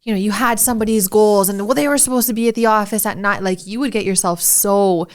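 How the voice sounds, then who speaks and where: A woman's voice: medium pitch, quick pace. Chatty woman co-hosting a podcast. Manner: chatty, filler-heavy, says "like" often. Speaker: podcast co-host. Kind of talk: casual podcast conversation.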